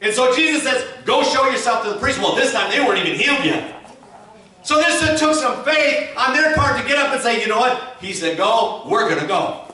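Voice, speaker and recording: A man's voice: extremely high pitch, animated, brisk, pushed and bright. A man preaching a sermon as pastor, emphatic and calling the congregation to repeat his words, recorded from a distance in a church. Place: church sanctuary. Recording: echoey church hall from far off.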